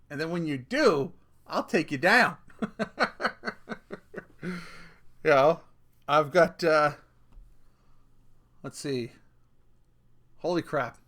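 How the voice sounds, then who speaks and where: Animated, high-voiced middle-aged man ranting. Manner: animated storytelling, laughs at himself, swears. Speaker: vlogger. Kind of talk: casual rant to camera.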